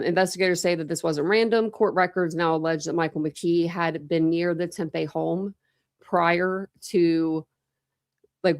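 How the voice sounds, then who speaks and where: A woman's voice: lowish voice, no room sound, clean studio sound. A woman hosting a true crime livestream from home, talking casually with lots of fillers and restarts. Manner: chatty, rambling, many fillers and restarts. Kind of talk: casual live-stream case rundown. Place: home room with pets.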